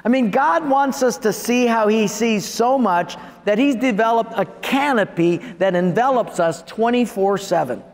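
Man, pastor preaching, animated, slightly high voice, long hall reverb. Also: a little slow, hardly any pauses. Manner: animated preaching, acting out prayers to God in a softer voice. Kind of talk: sermon.

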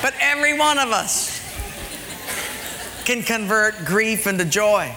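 A man preaching a sermon as pastor, emphatic, often dropping low and quiet to stress a point. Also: animated, slow, in a large hall, a loud crowd, very noisy.

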